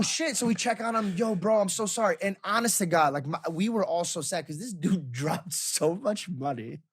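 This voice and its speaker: A man joins a casual podcast as a guest and tells a lively story. He slips into quick impressions of the people in it. His voice is husky and a touch raspy. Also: sits high. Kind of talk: casual chat.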